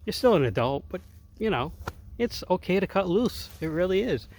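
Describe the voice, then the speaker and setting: A man's voice: high voice, sing-song, moderate pace, a little mellow, a little hiss or hum. A middle-aged man filming an outdoor vlog in the woods, earnest and upbeat as he talks to viewers, with faint outdoor sound behind him. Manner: upbeat, earnest, often says folks. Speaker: outdoor vlogger. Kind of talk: casual talk to camera.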